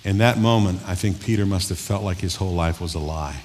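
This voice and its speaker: A man's voice: low voice, brisk, darkish tone, a little hiss or hum. Folksy preacher man in an echoey hall. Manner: folksy, joking, conversational preaching. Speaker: pastor. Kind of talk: sermon. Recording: long hall reverb.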